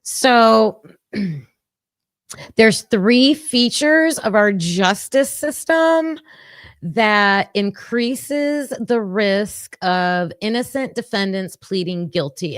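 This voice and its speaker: A woman's voice: medium pitch, clear, resonant tone, no room sound, clean studio sound. A woman giving casual true crime commentary, thinking aloud and reading from her notes.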